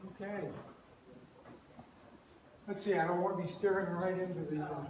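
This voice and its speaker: A retired older man, invited as a guest speaker, lectures a campus group of students in a large, very echoey hall, captured from far off the mic. His voice is a little high for a man, and he talks at a normal speed in a relaxed, self-deprecating way, dropping plenty of uhs between thoughts. Background noise is audible.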